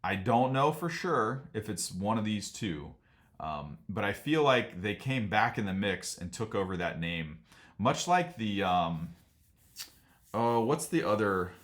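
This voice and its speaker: A man's voice: fairly low pitch, big pitch swings, a little slow, fairly bright tone. A man hosting a casual vlog, rambling and frank as he warns viewers about a business problem. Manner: rambling, frank, laughs at absurd points. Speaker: sauna business owner and channel host.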